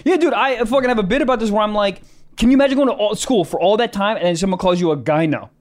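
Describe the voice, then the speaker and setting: A man with a high voice trades banter on a casual podcast. He is crude and jokey, and he keeps spinning off into absurd riffs. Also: quick pace. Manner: crude, joking, riffing on absurd images. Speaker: podcast co-host.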